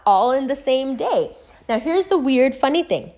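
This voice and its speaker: A middle-aged woman vlogger, with a voice that sits high and a normal speaking speed, tells a loose, rambling story from her own life. She swears freely and swings from excited loudness to a hushed tone.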